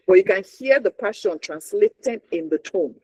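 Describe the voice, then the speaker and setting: A communication trainer with a Nigerian accent leads a workshop. His voice sits a little high for a man. He talks emphatically and keeps checking in with his listeners. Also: animated, normal speed, a little mellow, slightly rough, poor audio. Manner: emphatic, checks in with frequent "right?". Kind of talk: workshop teaching.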